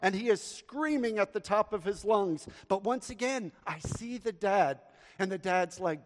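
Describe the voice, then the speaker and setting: A man's voice: high voice, unhurried. A man, a pastor who prays earnestly and then tells a humorous story to his congregation in a sermon. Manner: earnest, storytelling with audience call-and-response. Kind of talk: sermon with prayer and humorous anecdote. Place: church sanctuary. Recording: long church hall reverb.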